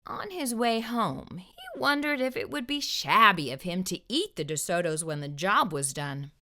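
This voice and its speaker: A woman reading a children's picture book aloud as a storyteller, with an expressive, lively delivery. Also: fairly low pitch, normal speed.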